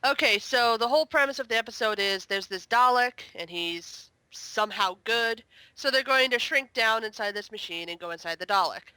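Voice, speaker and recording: A woman chatting casually as a guest on a review podcast, exasperated and full of quick asides. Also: on the high side, lively intonation, pushed and bright, clean tone, dry recording.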